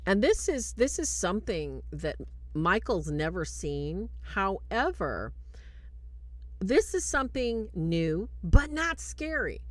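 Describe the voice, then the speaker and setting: A woman hosting a livestreamed film review, retelling scenes in an animated way and warmly thanking her viewers. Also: medium pitch, slow pace, no room sound. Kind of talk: livestream commentary.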